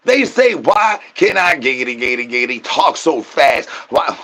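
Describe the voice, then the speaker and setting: A man doing an absurd comedy rant to his chat, spilling rhyming nonsense patter with rapid stuttered repetitions. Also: mid-range voice, animated, bright, forceful tone. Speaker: streamer.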